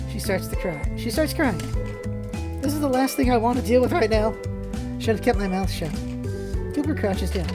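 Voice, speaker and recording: A woman's voice: medium pitch, lively intonation, a little fast, over loud music. A woman hosting a let's-play, reading a visual novel's first-person narration with asides.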